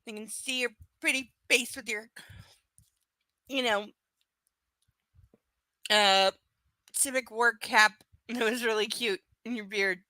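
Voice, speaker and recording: Bright, chatty woman reading live. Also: fairly high pitch, steady tone, slow, long pauses, no echo. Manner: chatty, profane, teasing viewers by name. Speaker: livestream reader. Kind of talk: live reading with casual chat asides.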